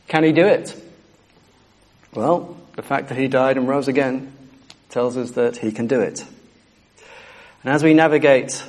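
A man's voice: medium pitch, a little mellow. Earnest male preacher giving a sermon. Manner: earnest, repeats key phrases for emphasis.

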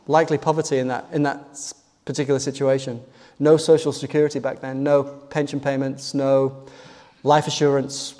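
A man's voice: fairly high pitch, mellow. A man preaching a sermon, retelling a passage in an earnest storytelling manner with rhetorical questions. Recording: long hall reverb.

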